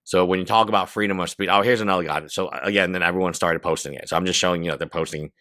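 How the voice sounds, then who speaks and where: A man commentating a video, halting, with many fillers. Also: sits low, steady tone, sharp tone, dry recording, studio quality. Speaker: commentator in a played clip.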